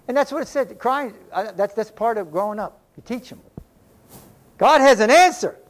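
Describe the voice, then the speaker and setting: A man's voice: high voice, expressive, a little fast. An older man preaching a sermon in a folksy, conversational way, mixing scripture with homespun stories. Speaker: pastor.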